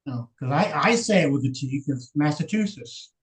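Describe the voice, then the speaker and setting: A man's voice: on the high side, expressive, normal speed, low-quality recording. A man from Texas chatting casually as a livestream guest, easygoing and telling stories. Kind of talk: casual chat.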